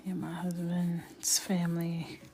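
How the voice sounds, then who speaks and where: A young woman hosts a coloring livestream, chatting casually with viewers and telling stories as she colors. Her voice is fairly low, monotone, slow and dark-toned; she often drops to a whisper and laughs, with faint music behind her.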